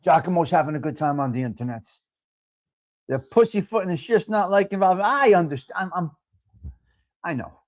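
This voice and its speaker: A man's voice: high voice, expressive, normal speed, long pauses. A man hosting a live stream, chatting casually and answering viewer comments in a brash, talkative way. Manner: brash, talkative, mixes in Italian phrases.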